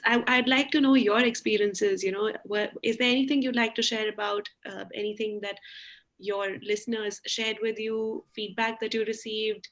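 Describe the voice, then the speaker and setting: A woman's voice: mid-range voice, fairly bright tone. A woman hosting a virtual panel, asking guests questions in a friendly, somewhat hesitant way with many fillers. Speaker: host, moderator.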